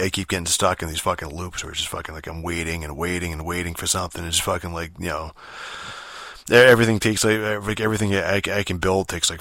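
A man's voice: low-pitched, a bit bright, no room sound. A man hosting his own podcast, rambling through a casual rant that is full of swearing, fillers and restarts. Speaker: podcast host.

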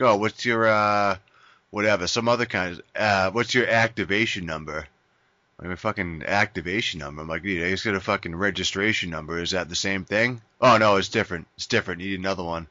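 A man with a very low, bright-edged voice tells a rambling story in casual podcast chat, swearing constantly and saying dude over and over. The sound is dry and a bit dull and lo-fi. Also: no room sound. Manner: profane rambling storytelling, says dude a lot.

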